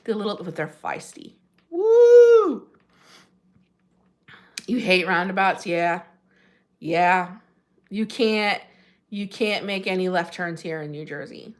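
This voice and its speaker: Her voice sits on the low side, fairly bright, with a measured pace. The woman is hosting a relaxed livestream from her New Jersey home, laughing often as she reads viewer comments and lifting her voice to greet them.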